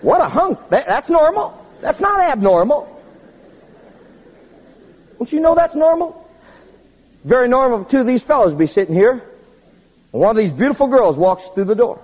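A man preaching a humorous sermon, telling stories in an animated way and jumping to squeaky high tones for effect. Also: normal speed, pauses often, in a large hall, lo-fi sound.

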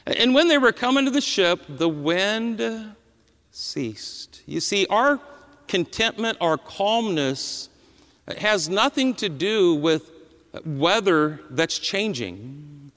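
Slow, emphatic male preacher. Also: high voice, expressive, fairly bright tone. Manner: emphatic, with drawn-out strings of words. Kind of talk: sermon. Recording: long hall reverb.

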